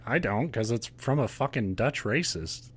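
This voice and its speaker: A male podcast host telling a ghost story in loose, casual chat. He is openly sarcastic and swears freely, breaking off to laugh at how absurd the story is. His pitch sits in an ordinary middle range for a man. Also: lively intonation, normal speed, fairly bright tone, slightly rough. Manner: sarcastic, profane, laughs often.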